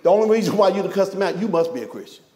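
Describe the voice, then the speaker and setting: A man with a notably high voice preaches to his congregation. He speaks with emphatic energy, firing off rhetorical questions and slipping in joking asides along the way. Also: expressive, rapid-fire, darkish tone. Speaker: pastor. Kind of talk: sermon.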